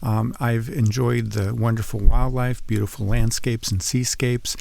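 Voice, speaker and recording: A man on a tour giving polite, steady praise. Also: medium pitch, a little slow, gravelly, dry recording. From Minnesota. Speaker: tour guest.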